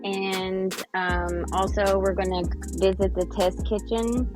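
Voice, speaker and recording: Slow-talking woman cohost. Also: medium pitch, fairly even intonation, over music, rough recording. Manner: brief, hesitant answers. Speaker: podcast cohost. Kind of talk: casual podcast chat.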